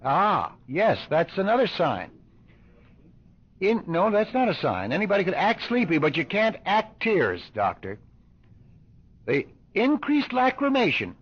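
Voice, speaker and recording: An older man teaching a class of doctors as a hypnosis instructor, deliberate and questioning, repeating his points, on an old lo-fi tape recording. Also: sits high, huge pitch swings, slightly rough.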